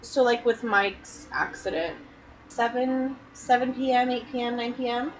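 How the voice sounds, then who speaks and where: A woman's voice: fairly high pitch, steady tone, unhurried, slight background noise, poor audio. A woman co-hosting a casual chat, asking probing follow-up questions. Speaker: podcast co-host.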